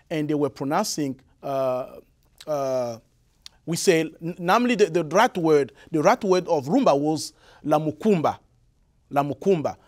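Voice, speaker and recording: A young man from the Republic of the Congo with a Congolese French accent, answering interview questions in halting English with many restarts. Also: fairly high pitch. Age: young adult. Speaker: guest musician.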